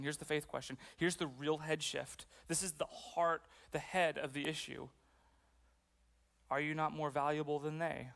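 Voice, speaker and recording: A man's voice: fairly high pitch, gravelly, bright, forceful tone. A man preaching a sermon as pastor, conversational and self-deprecating, with playful asides.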